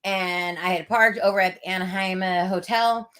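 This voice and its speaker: A woman's voice: mid-range voice, fairly even intonation, moderate pace, fairly bright tone. A young adult woman co-hosting a casual chat stream, telling stories with fillers and giggles. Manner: chatty storyteller, giggly, many fillers. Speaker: co-host.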